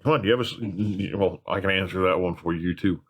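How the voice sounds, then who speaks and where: Rambling low-voiced man chatting. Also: brisk, slightly rough. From California. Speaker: host. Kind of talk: casual chat.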